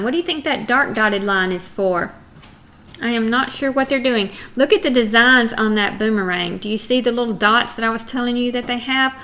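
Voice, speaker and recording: A woman's voice: on the high side, sharp tone. A middle-aged woman with a Texan accent teaching a chatty geography lesson to young students in a screen recording.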